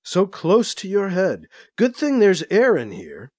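Creepy alien tormentor, slow and repetitive, read by a man, high and sing-song. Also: wildly swooping pitch, darkish tone, full character voice. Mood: creeping menace. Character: sinister male alien tormenting a trapped man.

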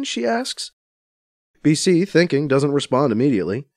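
A man narrating a scripted story with an expressive, lively reading. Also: on the high side, moderate pace, dry recording, studio quality.

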